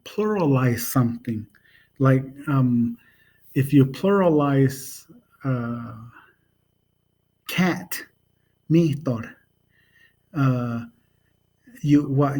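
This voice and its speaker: A man talks to the camera in a relaxed home video lesson, taking his time with every word. He hesitates often, fills gaps with ums, and sounds out syllables again and again. His voice sits at an ordinary middle pitch. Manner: slow, halting, many ums, repeats sounds patiently. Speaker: language teacher.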